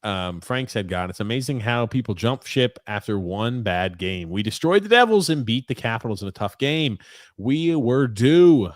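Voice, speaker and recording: Laid-back male podcast co-host, lowish voice, dry and close, reads viewer comments with wry remarks. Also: lively intonation, normal speed, few pauses, dry recording. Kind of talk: casual sports podcast chat.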